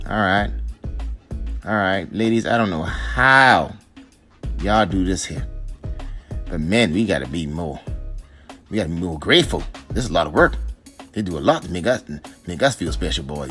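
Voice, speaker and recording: A man's voice: on the low side, expressive, normal speed, fairly bright tone, faint music behind. A man giving playful, teasing voice-over commentary on his wife's hair tutorial, coaxing and joking as he goes.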